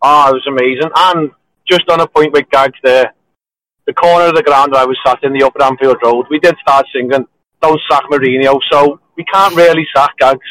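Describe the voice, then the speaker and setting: A man's voice: medium pitch, steady tone, fairly quick, a bit bright, no echo, rough recording. Enthusiastic male caller on a call line. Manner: enthusiastic, talks in short clauses. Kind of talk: phone-in football analysis. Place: car, driving.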